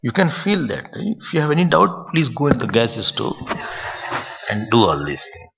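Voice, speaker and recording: A spiritual teacher lectures playfully, his gravelly voice rising and falling in a lively way. He keeps tossing questions to his listeners. The sound is dull and lo-fi, with a long hall echo. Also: mid-range voice, normal speed, noisy background. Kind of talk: lecture on scripture. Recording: dull lo-fi recording in a reverberant hall.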